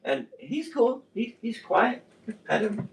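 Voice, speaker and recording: Gravelly rambling man on a podcast. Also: sits high, slow pace. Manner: rambling, animated storyteller, laughs often. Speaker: podcast co-host. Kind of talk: casual chat. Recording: echoey room, distant mic.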